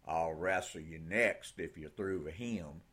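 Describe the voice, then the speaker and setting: A man voicing a tall, grinning young soldier with a West Texas drawl, teasing in a slow, easygoing way, in an audiobook. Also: low-pitched, fairly bright tone, husky, full character voice.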